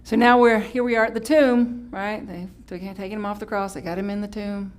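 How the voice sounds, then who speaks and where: A woman pastor preaching a Sunday sermon in a chatty, playful way, breaking into sudden high exclamations and correcting herself as she goes. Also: steady tone, fairly quick. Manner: chatty, with restarts and self-correction. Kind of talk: live-streamed Sunday sermon.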